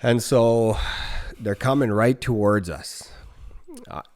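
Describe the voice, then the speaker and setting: A man in his thirties from northern Canada, telling a story as a podcast guest in a relaxed, rambling way with swearing and restarts. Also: medium pitch, takes it slowly. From Nunavut, northern Canada. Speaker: podcast guest, former hockey player. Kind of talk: casual storytelling.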